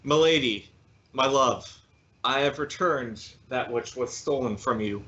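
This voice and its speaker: A devoted, lovesick adventurer, played by a man, pleads earnestly and stammers, slow and bright-toned. The audio is dull and lo-fi. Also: mid-range voice, voice pushed down. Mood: reverent.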